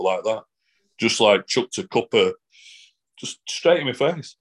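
A man's voice: fairly low pitch, lively intonation, unhurried, long pauses, slightly rough. A middle-aged man, telling his story in a casual interview, with frequent restarts, fillers and blunt swearing. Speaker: guest. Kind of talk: casual interview, personal account.

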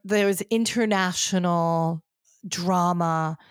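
Woman podcast host, lowish voice, dry close sound, chatty storyteller. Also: slow pace, smooth, no room sound. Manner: chatty, animated storytelling with many fillers. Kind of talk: casual pop culture chat.

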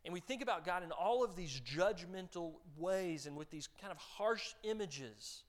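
A man pastor preaching in a relaxed, conversational way and teasing members of his congregation as he goes. His voice sits a bit high for a man. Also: moderate pace. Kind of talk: sermon.

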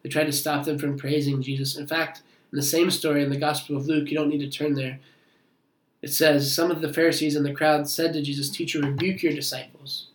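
A man's voice: on the high side, flat delivery, a little fast, roomy sound, rough recording. A man preaching a sermon, reading scripture aloud and explaining it with earnest asides. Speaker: pastor.

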